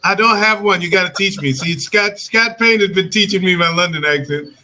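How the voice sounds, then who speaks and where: An American man hosting a casual live-stream chat over a video call, talkative and quick to laugh, often restarting sentences. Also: high-pitched, sharp tone, low-quality recording. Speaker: host.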